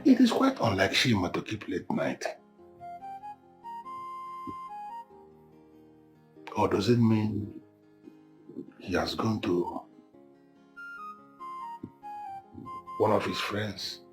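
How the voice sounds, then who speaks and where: A fretful Nigerian father in a film drama, pleading and halting as he asks after his son. His voice moves up and down a great deal. Faint score music plays underneath. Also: fairly low pitch, big pitch swings. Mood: worried. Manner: anxious, halting, questioning. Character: anxious middle-aged father, fretful and pleading.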